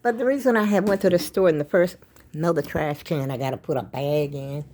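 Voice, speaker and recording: An older woman talks to her viewers at home. She rambles casually from one chore to the next, a little out of breath. Her pace is easy and unhurried. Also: deep voice, dark tone, a little hiss or hum. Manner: rambling, chatty, addresses viewers as y'all. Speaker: vlogger. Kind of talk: casual home vlog chat.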